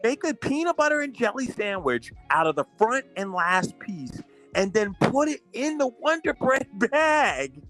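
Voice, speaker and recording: Lively, profane man hosting a chat. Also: very high-pitched, measured pace, faint music behind. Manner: animated, profane, laughing often. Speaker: podcast host. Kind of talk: casual storytelling chat.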